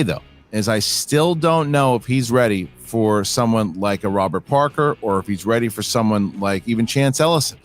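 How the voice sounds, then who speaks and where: Upbeat man hosting match analysis. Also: mid-range voice. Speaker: show host. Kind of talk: post-match analysis and sign-off.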